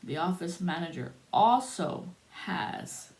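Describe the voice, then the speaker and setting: A woman with a lowish voice tells a spiritual story at a very unhurried pace. She draws out her phrases with pauses between them, and her tone stays soothing throughout. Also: big pitch swings, darkish tone.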